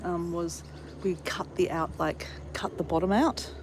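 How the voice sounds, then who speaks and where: A woman vlogger talking casually in a hushed whisper, outdoors in a front yard. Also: fairly low pitch, fairly even intonation, a little slow, noisy background. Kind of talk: casual vlog chat.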